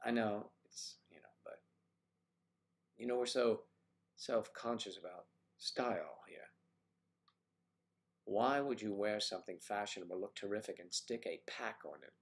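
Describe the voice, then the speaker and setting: A man's voice: a little slow, long pauses. An American man hosting a casual livestream from home, reading viewer comments with playful, teasing banter. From United States. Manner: playful, teasing, animated jumps in pitch. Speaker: livestream host.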